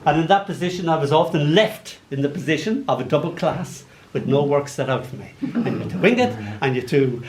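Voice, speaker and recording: Animated older Irish poet, roomy hall. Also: male voice, a little high, a little fast, few pauses. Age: 60s. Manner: playful storytelling, animated comic asides. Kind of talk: poetry reading with anecdotes. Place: arts venue hall before a live audience. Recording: roomy hall, faint background noise.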